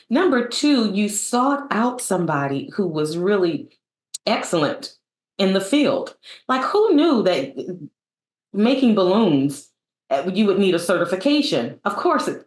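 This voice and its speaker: A woman's voice: mid-range voice, big pitch swings, a little slow. A woman hosting a conversational interview, affirming her guest and talking with many fillers and restarts. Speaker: interview host. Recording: roomy echo.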